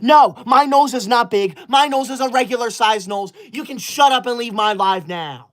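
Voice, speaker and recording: A performer doing a strict, self-important young streamer who lays down the rules and scolds rude viewers in a huffy, indignant tone. The voice sits at a middling pitch and fits a comedic character livestream. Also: moderate pace, close to an everyday voice. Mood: scolding. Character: prim bossy young streamer obsessed with school. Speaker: livestream host reading super chats.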